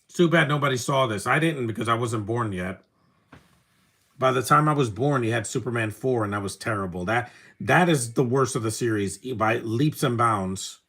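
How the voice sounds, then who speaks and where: A young man talks over a film he is watching, offering blunt, wry opinions in a casual way. His voice sits at an ordinary pitch, and his remarks often drop off into low, muttered asides. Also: normal speed, gravelly. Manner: wry, opinionated, trails off quietly. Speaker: film commentary host. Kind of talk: casual live movie commentary.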